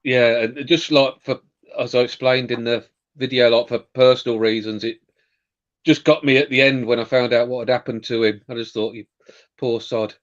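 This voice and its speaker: A man's voice: medium pitch, steady tone, normal speed. Man, casual stream chat, candid reflective delivery, muffled recording. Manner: candid, reflective, loose phrasing. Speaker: livestream co-host. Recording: dull lo-fi call audio.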